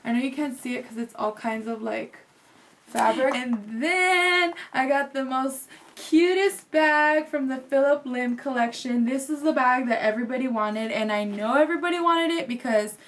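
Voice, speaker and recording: A young woman vlogger telling a story in a casual, animated way, with "like" running all through her talk. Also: high voice, moderate pace. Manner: chatty and animated, fills speech with "like". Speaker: fashion vlogger.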